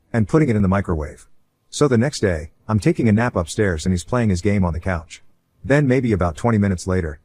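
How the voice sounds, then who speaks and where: A man with a fairly low voice reads a first-person online story aloud. His delivery is casual and conversational, like someone recounting events to a friend. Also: darkish tone. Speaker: story narrator.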